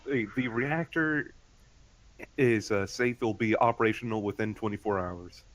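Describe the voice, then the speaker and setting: A man's voice: on the low side, moderate pace, a bit bright, no room sound. A man playing a tabletop game, speaking hesitantly and with care. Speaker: player. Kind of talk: casual tabletop role-play.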